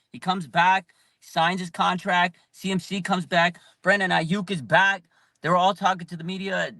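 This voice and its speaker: A man hosting a live fan channel, talking in excited bursts with frequent shouts and lots of "like". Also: high-pitched, dry recording.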